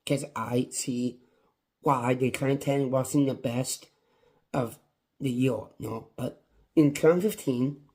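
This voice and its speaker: A man's voice: mid-range voice, slow, darkish tone. A man reviewing a wrestling show on his own, in a passionate, repetitive rant. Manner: impassioned, ranting, repetitive. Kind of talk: casual solo review.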